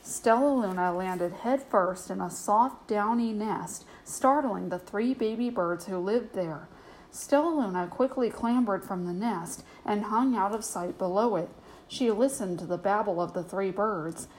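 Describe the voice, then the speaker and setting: A woman reads a children's picture book aloud in a gentle, even storytelling manner. Her pitch sits in the middle range for a woman. Faint noise lies under the recording. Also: a little slow, rough recording. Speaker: storybook reader, host. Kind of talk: bedtime storybook reading.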